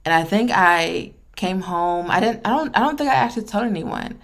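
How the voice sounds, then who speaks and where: A young woman, telling a personal story in an expressive, candid vlog. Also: mid-range voice, moderate pace. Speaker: vlogger.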